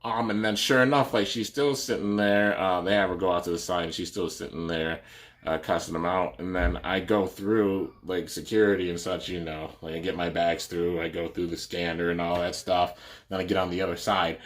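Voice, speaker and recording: A man's voice: low-pitched, steady tone, normal speed. A young man vlogging a casual storytime, rambling with lots of fillers and restarts. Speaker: YouTuber.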